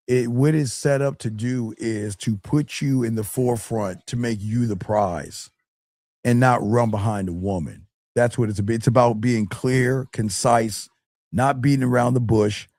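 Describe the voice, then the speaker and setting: Gravelly, blunt dating coach man. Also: dry recording, studio quality. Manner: blunt, profane, gets loud and high when scornful. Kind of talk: livestream advice talk.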